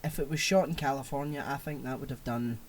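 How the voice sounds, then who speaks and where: A man's voice: mid-range voice, fairly even intonation, fast talker, a little hiss or hum. A man co-hosting a casual podcast chat, talking in a laid-back, hesitant way with fillers and teasing his co-host.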